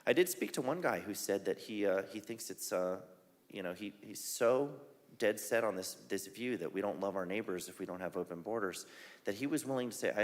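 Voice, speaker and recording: A man in a relaxed forum conversation in a church hall. He speaks wryly and laughs at his own jokes. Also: lowish voice. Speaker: satire site founder as guest. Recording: reverberant hall with faint ambience.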